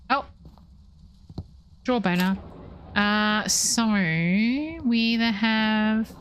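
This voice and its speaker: A playful, chatty woman in her thirties with an Australian accent, talking casually with viewers while streaming a game. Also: mid-range voice. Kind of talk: casual gameplay commentary.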